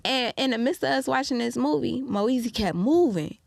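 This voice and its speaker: A woman guest on a podcast tells a story in loose, casual talk, with a gravelly fry in her voice. She swears freely and acts out the lines people said. The sound is close and dry, with no room around it. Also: fairly high pitch, normal speed, no echo. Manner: animated, profane, acts out quoted lines.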